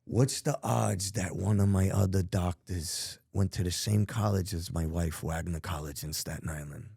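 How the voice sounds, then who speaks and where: The speaker is a middle-aged New Yorker on a podcast, telling his life story through blunt, profane, emphatic street talk. His low voice is steady, creaky, darkish and husky at a moderate pace, on a dry, clean studio recording.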